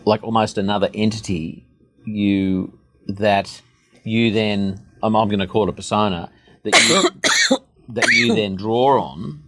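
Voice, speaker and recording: Thoughtful man hosting a chat. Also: fairly low pitch. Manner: thoughtful, searching for words, many restarts. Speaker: podcast host. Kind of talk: casual interview conversation.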